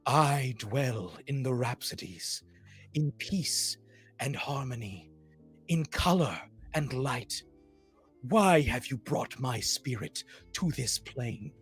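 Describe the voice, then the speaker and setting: A man voicing an old female Fey spirit who speaks slowly, softly and haughtily, with a low, otherworldly tone. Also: lively intonation, slightly rough, soft background music. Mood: aloof. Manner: slow, hushed, haughty. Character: ancient aloof female Fey spirit, a mother.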